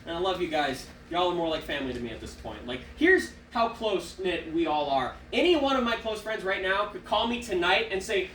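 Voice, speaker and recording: A young man tells animated, self-deprecating stories in a stand-up set, his pitch bouncing all over. He sounds set back from the mic in a roomy theater with a faint hum behind him. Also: brisk, hardly any pauses, recorded from a distance. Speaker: stand-up comedian. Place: small theater stage.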